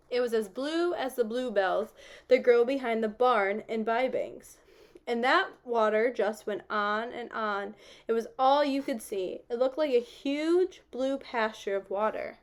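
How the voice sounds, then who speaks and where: A woman reading a novel aloud, telling the story steadily and giving the characters gentle voices. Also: a little high. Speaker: audiobook reader.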